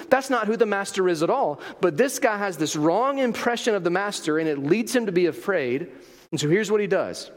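A man's voice: sits high, long reverb tail. A man delivering a sermon as a pastor, emphatic and full of rhetorical questions.

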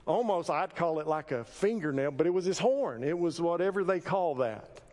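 A man preaching a sermon, telling folksy stories with sudden loud emphasis. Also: fairly high pitch, animated, normal speed, big-room sound. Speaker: pastor. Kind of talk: sermon with personal storytelling. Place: church sanctuary.

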